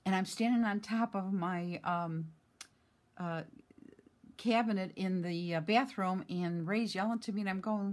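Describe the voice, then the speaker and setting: A woman's voice: medium pitch, normal speed. Female home vlogger, chatty and gushing, casual with lots of fillers. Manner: chatty and excited, many fillers. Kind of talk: casual chat, showing a mail package.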